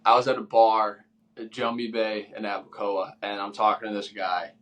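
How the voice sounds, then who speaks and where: A man's voice: lowish voice, level tone, moderate pace, fairly bright tone. A man in his twenties co-hosting a podcast, chatting casually and rambling through stories while acting out what people said. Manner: rambling storyteller, acts out his own quoted lines. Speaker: podcast co-host. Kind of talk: casual chat.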